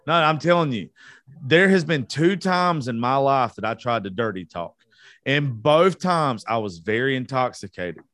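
A man's voice: medium pitch, animated, normal speed, a bit bright, no echo. A young Southern man from South Georgia hosts a loose podcast chat, cursing freely and laughing at himself. His voice sits mid-range and sounds dry and close to the mic. He rambles, teases, and jokes. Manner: profane, joking, self-mocking. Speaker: podcast host. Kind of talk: casual unedited podcast banter.

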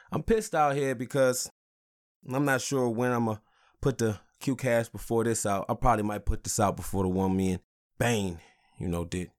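A man in his thirties, a father, hosting a podcast and ranting angrily with lots of swearing and "you know what I'm saying.". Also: fairly low pitch. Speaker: podcast host.

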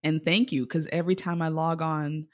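Host, mid-pitched, dry close sound, affirming and casual. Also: level tone, normal speed, no echo. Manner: affirming, loose, casual swearing. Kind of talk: casual supportive conversation.

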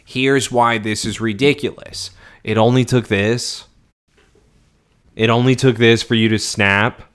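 A man's voice: medium pitch, steady tone, measured pace, a bit bright, clear, resonant tone. A man co-hosting a casual rewatch podcast, recapping scenes and acting out character lines with laughter. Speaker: podcast co-host.

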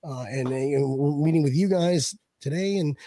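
A man's voice: on the high side, moderate pace, warm tone, no room sound. A man hosting a casual sports fan chat, joking and rambling with restarts. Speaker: podcast host.

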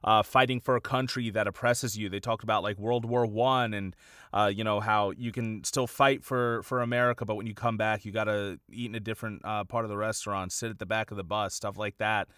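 A man's voice: fairly low pitch, fairly even intonation, a little fast, fairly bright tone, clean tone, no room sound, studio quality. A man co-hosting a casual podcast chat, rambling and filling gaps with "like" and "you know.". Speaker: podcast co-host.

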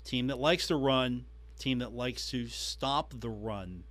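A man hosting a sports podcast, recapping a coach's press conference with emphatic, animated delivery. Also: medium pitch, takes it slowly. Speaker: podcast host.

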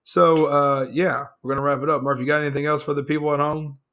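A man's voice: on the high side, flat delivery, fast talker, a bit bright. A man co-hosting a casual podcast, rambling and restarting often, his voice tired and fading. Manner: loose, rambling with many restarts. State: voice fading, hoarse. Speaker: podcast co-host.

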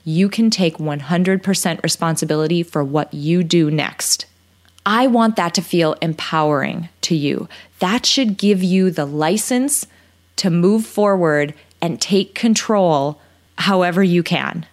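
A woman's voice: lowish voice, unhurried. A woman in her thirties hosting a podcast, speaking earnestly and with feeling, closing an interview and giving a motivational recap. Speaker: podcast host.

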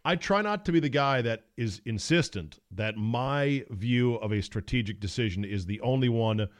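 A middle-aged man hosting a solo sports talk podcast, giving opinionated, sarcastic takes with animated jokes and asides. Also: medium pitch, normal speed.

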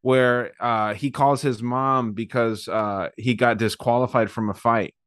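A young man co-hosting a podcast, chatting excitedly and swearing often. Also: medium pitch, measured pace, clear, resonant tone, no room sound, studio quality. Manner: excited, swearing, quoting in raised voice. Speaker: podcast co-host. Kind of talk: casual podcast chat.

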